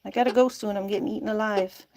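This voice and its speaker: A woman's voice: medium pitch, steady tone, quick pace, a little mellow, a little hiss or hum. A woman chatting casually and coaxing her chickens to drink by their coop outdoors, laughing often. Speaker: chicken keeper vlogger.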